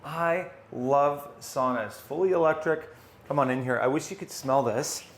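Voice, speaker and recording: A man's voice: fairly high pitch, measured pace, slight background noise. A man hosting a home tour, walking room to room and talking enthusiastically in a casual, conversational way, often repeating words for emphasis. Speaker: real estate tour host. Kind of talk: casual walkthrough of a house. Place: indoors, walking through a house.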